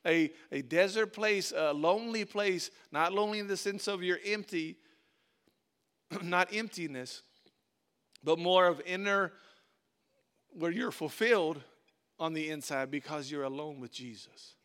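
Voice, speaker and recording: A man's voice: a little high, a little slow, pauses often, a bit bright, smooth. A male pastor preaching a sermon in an informal, conversational way, repeating words for emphasis.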